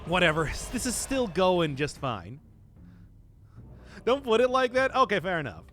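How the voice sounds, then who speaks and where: Lively chatty male game streamer. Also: high-pitched, measured pace, slight background noise. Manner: chatty and rambling, talking to chat while playing. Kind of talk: casual gameplay commentary.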